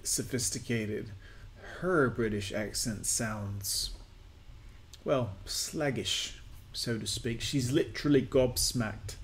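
A man's voice: medium pitch, takes it slowly, slight background noise. A man mocking clips in sarcastic reaction commentary, hosting his own channel.

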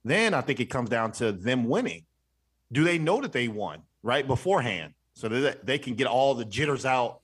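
A man's voice: medium pitch, sing-song, moderate pace, husky. A man co-hosting a podcast, laying out his opinions point by point in casual chat. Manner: thoughtful, explains point by point. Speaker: podcast co-host.

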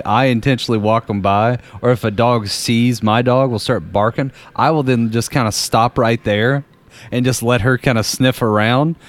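A man chatting casually, telling jokes and acting out silly voices. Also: mid-range voice. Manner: animated, acts out silly voices. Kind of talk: casual chat.

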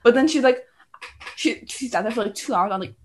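A woman's voice: fairly high pitch, lively intonation, fairly quick, slight background noise. A young woman co-hosting a podcast, telling stories about her family in casual chat. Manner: chatty storyteller, quoting family. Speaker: podcast co-host.

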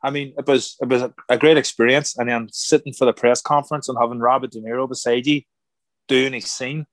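Guy telling a story on an interview, lively, does the voices of people he quotes, dry close sound. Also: medium pitch, brisk, no room sound. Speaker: guest, former boxer turned actor.

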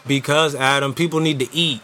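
A man co-hosting a casual podcast, joking loudly, repeating himself and swearing freely. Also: mid-range voice, fairly even intonation, brisk. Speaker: podcast co-host. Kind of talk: casual banter.

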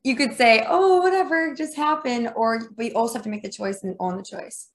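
A woman's voice: on the high side, quick pace. A woman with a thick Minnesotan accent, co-hosting a podcast in playful, rambling casual chat. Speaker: podcast co-host.

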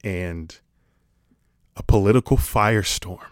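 A man's voice: lowish voice, takes it slowly, dry recording, studio quality. A man talking to camera in a casual comedic monologue, sarcastic and rambling, swearing casually. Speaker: vlogger.

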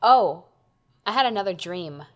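A woman's voice: medium pitch, lively intonation, a little slow. A woman co-hosting a podcast, chatting casually with dry joking asides. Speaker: podcast co-host. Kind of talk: casual chat.

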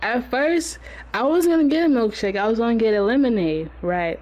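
A woman's voice: on the high side, lively intonation, brisk, a little mellow. A woman co-hosting a podcast, playfully defending herself while telling a story in casual chat. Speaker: podcast co-host.

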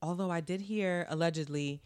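A podcast co-host with a New York accent and a mid-range voice, chatting in a loose, animated way. The talk is slangy and profane, full of stories and quick laughs. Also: mid-range voice, clean tone. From Brooklyn, New York. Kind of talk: casual podcast chat.

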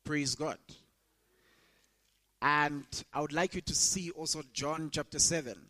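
A young man delivers a sermon with a fairly high-pitched voice. He leans hard into the scripture he quotes, his pitch climbing with emphasis. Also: measured pace, bright, forceful tone, poor audio. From Zambia. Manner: emphatic, rises sharply when quoting scripture. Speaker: preacher.

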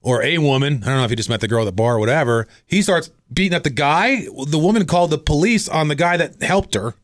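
Brief: American man, quick rambling talker, somewhat high voice, casual. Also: expressive. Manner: rambling, many "like" and "you know" fillers. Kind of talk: casual chat.

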